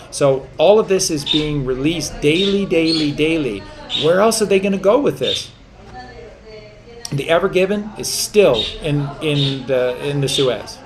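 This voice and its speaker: Emphatic male host, noisy recording. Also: fairly high pitch. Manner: forceful, repeats words for emphasis. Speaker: show host. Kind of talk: emphatic monologue, then hosting a video call.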